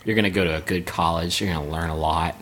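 A man's voice: low-pitched, fairly even intonation, fast talker, a bit bright. A man co-hosting a casual comedy podcast, joking crudely with friends. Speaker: podcast co-host.

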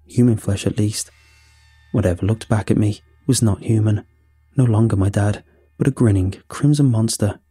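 A man reading a horror story aloud as scripted narration, in a steady, measured way. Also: fairly low pitch, breathy edge, no room sound.

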